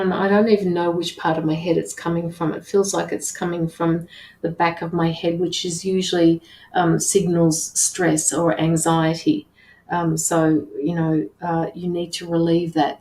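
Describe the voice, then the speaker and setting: A woman working as a tarot reader and medium, relaying messages in an earnest, halting way with many restarts. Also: lowish voice, a little mellow, roomy sound, poor audio. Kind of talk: live intuitive reading.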